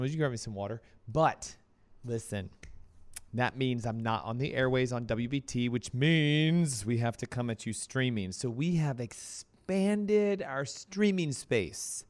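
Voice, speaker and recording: A man hosting a casual health talk show, hoarse from laryngitis, energetic and chatty. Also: mid-range voice. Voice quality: coughing, strained voice. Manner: energetic, chatty, breaks into playful quoted voices. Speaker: radio show host.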